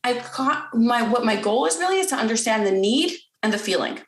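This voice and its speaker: A woman's voice: a little high, lively intonation, a little fast, echoey room. A woman guest in a podcast interview, explaining parenting in an earnest, step-by-step way and acting out lines a parent or child might say. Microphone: podcast recording.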